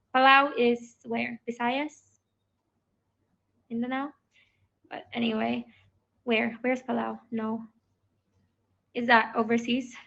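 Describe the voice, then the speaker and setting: Woman, Filipino accent, casual livestream chat, high voice, dull lo-fi sound. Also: level tone, slow, vocal fry, long pauses, fairly bright tone. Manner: emotional, switching between English and Tagalog. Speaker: livestream host.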